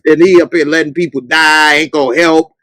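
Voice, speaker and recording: Animated male podcast host, dry close sound. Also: fairly high pitch, fairly quick, no room sound. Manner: animated, bursts into loud mocking outbursts. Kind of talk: casual livestream chat.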